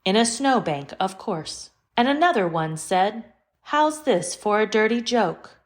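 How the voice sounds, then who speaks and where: A woman's voice: medium pitch, lively intonation, measured pace, lightly acted. A woman voicing a literal, formal female AI computer in an audio drama, with precise diction and no contractions. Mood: calm.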